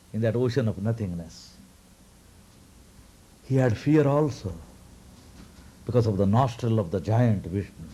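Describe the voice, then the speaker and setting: A man who is a spiritual teacher, telling a devotional story in a lilting way with soft chuckles. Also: mid-range voice, breathy edge.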